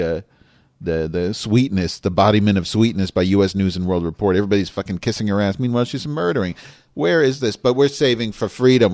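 A man's voice: fairly low pitch, a little mellow, no room sound, studio quality. A man ranting furiously about politics in a profane, rambling way, often correcting himself mid-sentence. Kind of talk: angry profane political rant.

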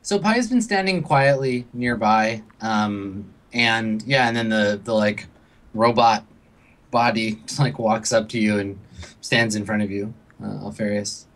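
A man's voice: lowish voice, unhurried, fairly bright tone. A man running a tabletop game as game master, narrating with many hesitant fillers.

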